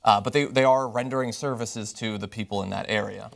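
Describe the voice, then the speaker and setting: A man's voice: lowish voice, fairly even intonation, a little fast, vocal fry. A man commenting as a guest, who sounds hesitant and unsure and restarts his sentences.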